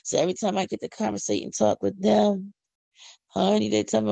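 A middle-aged woman from Philadelphia with a Philadelphia accent, hosting a casual, preachy podcast monologue with excited whoops. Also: mid-range voice, a little fast, vocal fry, no echo. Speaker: podcast host. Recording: dull lo-fi audio.

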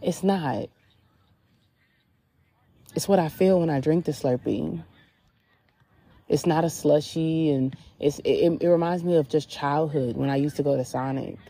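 A woman's voice: low-pitched, a little slow, long pauses, dark tone, breathy edge. A woman hosting a podcast, talking candidly and casually about her spiritual reflections, with lots of "like" fillers, sitting outdoors at a beach. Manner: candid, chatty, filler-heavy with frequent "like". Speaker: podcast host.

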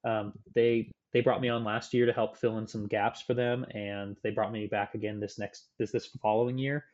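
A man's voice: on the low side, flat delivery, normal speed, a little mellow, dull audio. A man guesting on a podcast, telling stories in an enthusiastic, chatty way. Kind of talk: casual chat.

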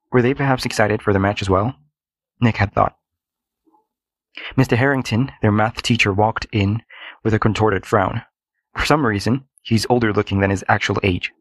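A man narrating a scripted story in a steady, dramatic manner. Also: lowish voice, dry recording.

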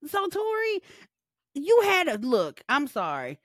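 A young woman co-hosting a podcast, with a high voice that leaps around as she rants. She roasts people with nonstop profanity and laughter. Her voice sounds close and dry. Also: huge pitch swings, slow pace, dry recording. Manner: loud, profane, joking and ranting. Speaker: podcast co-host. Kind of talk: casual chat.

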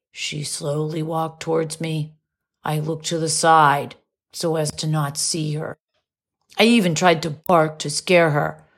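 Woman storyteller, slow pace, breathy voice, lowish pitch, gentle expressive reading. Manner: gentle, slow and expressive, rising high on surprised lines. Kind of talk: storybook narration.

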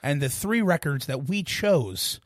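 A man's voice: fairly high pitch, expressive, measured pace, no echo, studio quality. A man co-hosting a music podcast in a casual, joking, rambling way, poking fun at himself. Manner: joking, rambling, self-deprecating. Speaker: podcast co-host.

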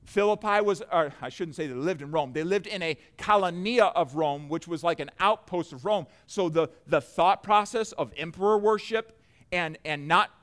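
A man's voice: on the high side, moderate pace, a bit bright. A male pastor preaching a sermon in an earnest manner, repeating phrases and calling on the congregation to respond.

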